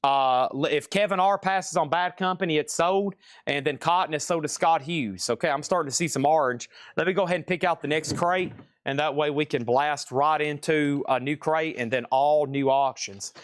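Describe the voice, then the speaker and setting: Brisk man hosting a live record sale. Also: fairly high pitch, clear, resonant tone, no room sound, studio quality. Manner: brisk, rattles off item lists and prices; casual, chatty asides to viewers. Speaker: live auction host selling vinyl records. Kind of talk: live-stream sales patter.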